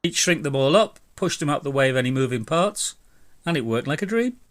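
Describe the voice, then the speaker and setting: A man's voice: on the high side, animated, brisk, no room sound. A man, casually talking through his own bike repair in a vlog, chatty, blunt and self-mocking. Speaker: DIY e-bike vlogger.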